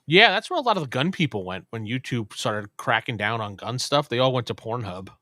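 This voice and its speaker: A man's voice: medium pitch, sing-song, a little fast, sharp tone, dry recording, clean studio sound. A man hosting a casual live stream chat, laid-back and trailing off with ums.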